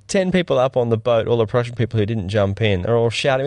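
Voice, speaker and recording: A man's voice: medium pitch, expressive, quick pace, hardly any pauses, a little mellow, no room sound. A man co-hosting a filmmaking podcast, telling rambling anecdotes in casual chat and acting out the quotes in a livelier voice. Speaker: podcast co-host, cinematographer.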